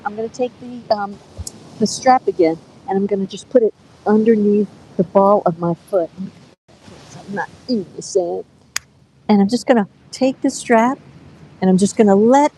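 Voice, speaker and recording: A woman over fifty teaching a live yoga class outdoors on a beach, giving gentle, coaxing cues and counting breaths. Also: mid-range voice, a little hiss or hum, rough recording.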